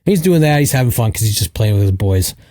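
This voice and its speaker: Thirties male co-host, warm low register, loose chatty storyteller full of "like"s, dry recording. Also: lively intonation, fast, no echo. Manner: rambling, filler-heavy with lots of "like". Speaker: podcast co-host. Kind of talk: casual storytelling chat.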